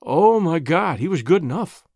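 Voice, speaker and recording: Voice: medium pitch, very animated, moderate pace, darkish tone, dry recording, clean studio sound. A narrator voicing a desperate, ashamed young man who confesses to theft in a choked, pleading voice. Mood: anguished. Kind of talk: reading a classic short story aloud.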